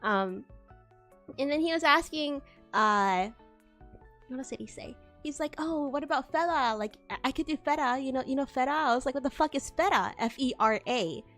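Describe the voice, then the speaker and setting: A young woman with a high, bright-sounding pitch chats casually on a stream and tells a story with animated energy. She laughs often and curses freely. Soft music plays faintly underneath. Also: normal speed. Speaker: VTuber streamer. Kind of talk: casual chat.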